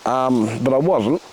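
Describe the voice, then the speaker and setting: A middle-aged poet from Western Australia reads his own poems in a slow, deliberate recitation, dropping blunt, crude asides between them. His voice is mid-range, and there is a little hiss or hum in the recording.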